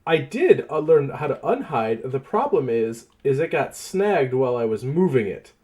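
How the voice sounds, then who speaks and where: A man's voice: mid-range voice, sing-song, moderate pace, a little mellow. A man acting as game master in casual chat, matter-of-fact and slightly flustered.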